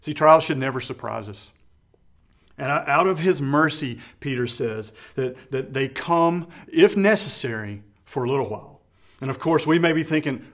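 A man's voice: fairly high pitch, moderate pace, a bit bright. A middle-aged man preaching a sermon, earnest and conversational, often restarting his phrases. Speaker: pastor.

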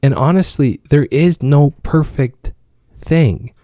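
A man's voice: fairly high pitch, lively intonation, slow pace, warm tone, dry recording, studio quality. A man in his thirties, a father of five, talking casually about raising kids, with lots of fillers and restarts. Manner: rambling, with many fillers and restarts. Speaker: father of five giving parenting advice. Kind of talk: casual monologue.

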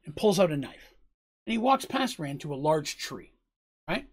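Husky-voiced man retelling a tabletop session, conversational and rambling. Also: on the high side, very animated, moderate pace, a little mellow. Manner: conversational, rambling, with frequent fillers. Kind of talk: recounting a tabletop game session.

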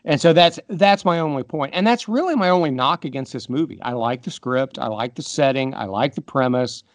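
A man's voice: medium pitch, a little fast, no room sound. A man co-hosting a podcast, giving emphatic, opinionated takes in a casual movie review chat. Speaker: podcast co-host.

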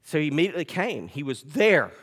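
High-voiced man preaching in an echoing hall. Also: sing-song, brisk, slightly rough. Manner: swings from loud emphatic preaching to quiet conversational storytelling. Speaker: pastor. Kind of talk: sermon. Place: church sanctuary.

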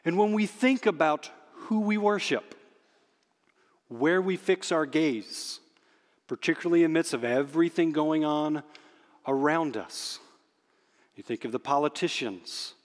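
Male pastor, emphatic sermon delivery, slightly higher voice, long hall echo. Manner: emphatic, slows down on key phrases. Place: church sanctuary under stage spotlights.

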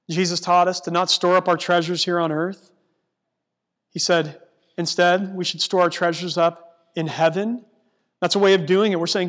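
A male pastor with a high-pitched voice preaches an earnest sermon. He reads scripture aloud and slows down to stress key words. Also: little pitch movement, fairly bright tone.

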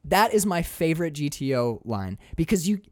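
Podcast host, male, animated and profane, dry close-miked sound. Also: a little high, moderate pace, no echo. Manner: excitable, swears freely, acts out scenes. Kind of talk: casual film discussion.

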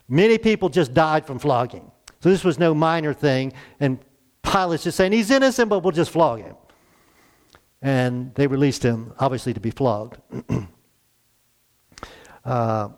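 A man's voice: medium pitch, darkish tone, clear, resonant tone. A man preaching a conversational sermon, retelling scripture and voicing the people in it.

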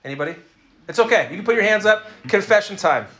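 A man's voice: sits high, lively intonation, fast, pushed and bright. A man preaching a conversational sermon, joking and asking the audience to raise their hands. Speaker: pastor.

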